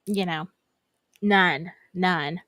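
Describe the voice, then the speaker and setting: A woman's voice: on the low side, drawn-out words, fairly bright tone, dry recording. A woman with a Southern accent hosting a casual true-crime livestream, rambling and greeting her viewers by name.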